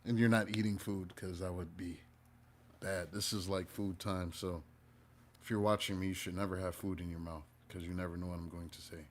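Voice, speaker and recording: A man's voice: low voice, steady tone, moderate pace, a little hiss or hum. Playful, joking man reading tarot. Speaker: tarot reader. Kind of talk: casual live tarot reading.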